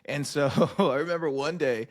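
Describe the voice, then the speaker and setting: A man's voice: a little high, normal speed. A man hosting a podcast, telling barracks stories animatedly and swearing freely. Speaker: podcast host. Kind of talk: casual conversation, storytelling.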